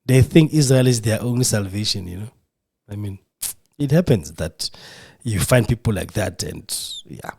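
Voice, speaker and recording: A man's voice: fairly low pitch, lively intonation, normal speed, a little mellow, breathy edge. A man hosting a podcast, speaking in an impassioned, emotional monologue with a preacher's fervor. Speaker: podcast host. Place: radio studio.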